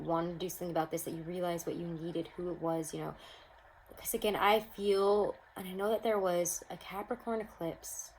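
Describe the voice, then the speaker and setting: Young woman, lowish voice, casual upbeat tarot reader, home camera mic. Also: slight background noise, low-quality recording. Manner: chatty, upbeat, addresses viewers as guys. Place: home room.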